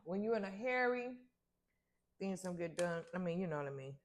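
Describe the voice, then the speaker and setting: A woman's voice: fairly low pitch, lively intonation, a little fast, a little hiss or hum. An older woman, a grandmother, chatting casually through her morning chores at home. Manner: chatty, talks to herself while doing chores. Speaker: vlogger. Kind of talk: casual morning vlog narration. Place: home kitchen.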